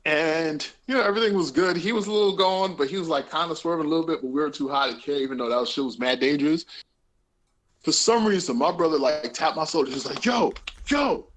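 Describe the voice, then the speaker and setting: A young man co-hosting a podcast, telling a story casually with lots of laughter and profanity, acting out the people he quotes in loud voices. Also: a little high, fast talker. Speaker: podcast co-host.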